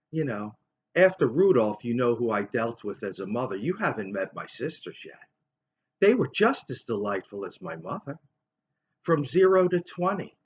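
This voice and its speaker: A mid-range male voice, with slight background noise, belongs to a vlogger in his fifties telling a long, rambling story in casual monologue. He does impressions of the people involved, and the recording is dull and lo-fi.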